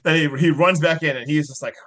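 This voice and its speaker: A man's voice: fairly high pitch, fast, a bit bright, a little hiss or hum. A man co-hosting a podcast, chatting casually and animatedly as he retells movie scenes, with lots of "like". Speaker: podcast co-host. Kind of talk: casual movie review chat.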